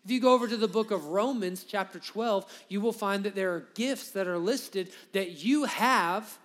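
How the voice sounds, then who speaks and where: A man's voice: sits high, normal speed, fairly bright tone. A young adult man from Alabama, preaching a sermon to his congregation in a casual, storytelling way with rambling asides. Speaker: pastor. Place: church sanctuary with a congregation.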